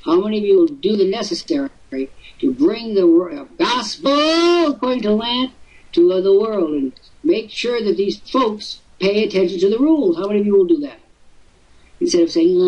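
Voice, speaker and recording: A man in his seventies hosting a live webinar, teasing and firing off rhetorical questions, his voice swooping high for emphasis. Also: animated, normal speed, darkish tone. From Illinois, USA. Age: 70s. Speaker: host. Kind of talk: webinar talk. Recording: dull lo-fi webinar audio.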